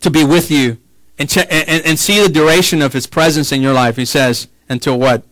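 A man preaching a sermon in a somewhat high voice, recorded close and dry. He slows down and drops quiet to stress a point, then climbs into excited, rising passages. He drops in casual asides and repeats key words for weight. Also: no room sound, poor audio. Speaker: pastor.

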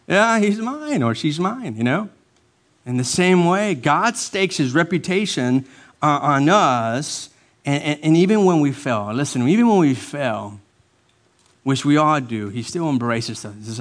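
Male pastor, sermon; emphatic, repeats key lines, loud-to-hushed swings. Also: fairly high pitch, expressive, measured pace. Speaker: lead pastor.

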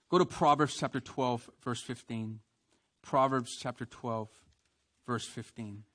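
A man preaching a sermon who leads his congregation in call and response and swings from quiet emphasis to loud prayers. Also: medium pitch, fairly even intonation, unhurried. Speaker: pastor.

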